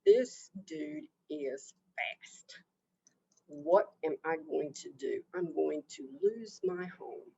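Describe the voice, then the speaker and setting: A woman's voice: sing-song, takes it slowly, vocal fry, dark tone, husky, heavily acted. A woman voicing a proud, crafty male turtle who is indignant and scheming, in an oral folk tale, on a dull lo-fi recording. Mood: worried. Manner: indignant then sly, shifting between high exclamations and muttered asides.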